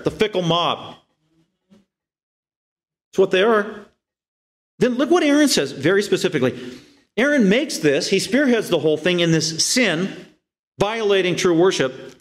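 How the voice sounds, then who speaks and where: A male pastor delivering an expository sermon, his voice sitting a little higher than most men's. He talks with animated energy and fires off incredulous rhetorical questions. When he reads scripture, he slows right down and stresses each phrase. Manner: reads scripture slowly and emphatically.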